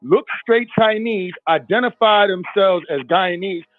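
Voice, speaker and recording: A man's voice: high-pitched, a little slow, no echo. A man on a casual group chat, telling a story and explaining his point at length. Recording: phone-like dry line with music.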